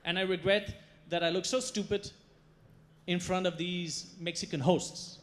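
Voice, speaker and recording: Higher-voiced man storytelling on stage. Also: fairly even intonation, unhurried. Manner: storytelling, emphatic, playful. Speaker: chef giving a stage talk. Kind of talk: stage presentation. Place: stage before a live audience.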